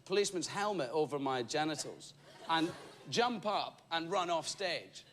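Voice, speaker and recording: Talk show guest, man, high lively voice, heavy noise. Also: moderate pace. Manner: cheeky, laughing storyteller. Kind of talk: casual interview chat. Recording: very noisy clip.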